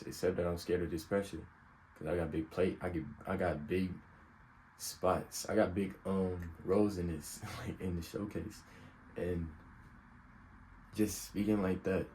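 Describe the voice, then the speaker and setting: A man's voice: low voice, darkish tone, a little hiss or hum, low-quality recording. A young man talking earnestly and unscripted in a personal advice vlog, open and vulnerable. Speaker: self-help vlogger.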